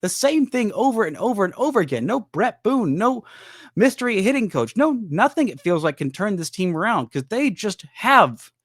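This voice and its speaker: A man's voice: sits high, very animated, normal speed, no room sound, clean studio sound. A man hosting a solo sports podcast, venting in an exasperated, emphatic way. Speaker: podcast host. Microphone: studio microphone.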